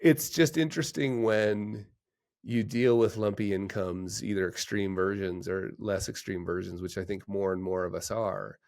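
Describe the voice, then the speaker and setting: A man's voice: on the low side, steady tone, normal speed, a little mellow. A middle-aged man hosting a podcast interview, talking casually, restarting his sentences often and livening up when he retells stories. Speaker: podcast host, financial planner.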